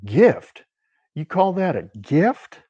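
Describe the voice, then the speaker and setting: A man's voice: medium pitch, moderate pace, a little mellow, no room sound, muffled recording, close to an everyday voice. A man voicing a feisty, blunt middle-aged sister from a small town, talking with brash exasperation. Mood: indignant. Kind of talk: audiobook reading.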